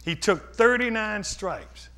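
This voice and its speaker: A male pastor, preaching a sermon in call-and-response style, swinging from shouts to hushed words. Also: high-pitched, animated, slow pace.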